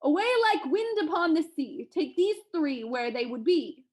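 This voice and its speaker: A woman's voice: on the high side, sing-song, moderate pace. A woman reading aloud and voicing a grateful male giant who proclaims grandly. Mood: generous.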